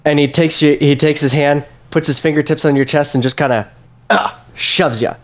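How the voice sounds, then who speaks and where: A man narrates a tabletop game as its dungeon master. His voice sits a little high for a man, and he talks in a loose, rambling way full of fillers. The podcast audio is somewhat dull and lo-fi. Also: fairly even intonation, normal speed, fairly bright tone.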